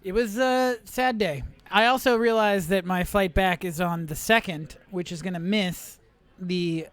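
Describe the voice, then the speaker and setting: A man's voice: sits high, a little slow. A man who has just joined the booth as a guest, chatting casually and joking about his losses at the table. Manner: excitable and joking. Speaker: guest commentator. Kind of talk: casual chat on a poker stream. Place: commentary booth.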